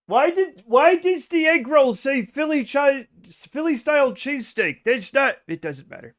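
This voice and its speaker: A high-pitched man in middle age, joking and swearing freely as he chats with his live audience. He is from the United States and keeps breaking into laughs. His delivery is loose and conversational. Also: expressive, measured pace, fairly bright tone. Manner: joking, profane, bursts into laughter. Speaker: streamer. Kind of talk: casual chat with live viewers.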